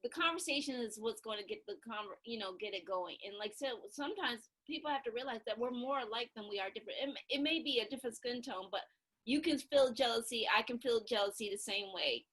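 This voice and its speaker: A woman's voice: on the high side, quick pace, a bit bright, rough recording. A woman hosting a conversational interview, affirming her guest and repeating words as she finds her thoughts. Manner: affirming, repeats words while finding them. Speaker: host.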